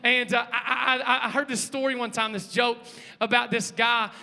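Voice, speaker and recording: High-voiced bright pastor preaching. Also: male voice, moderate pace, vocal fry. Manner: lively, joking, calls out to the congregation. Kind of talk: sermon. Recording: long hall reverb.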